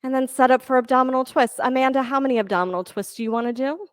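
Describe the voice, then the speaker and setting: A woman teaching a yoga class, giving steady counting cues and encouraging her students. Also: sits high, fast, clean tone, no echo, clean studio sound. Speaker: yoga instructor. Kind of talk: leading a live yoga class.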